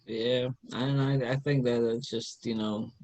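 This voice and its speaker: A podcast co-host from central Pennsylvania, telling stories in relaxed, rambling casual chat. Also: male voice, medium pitch, unhurried.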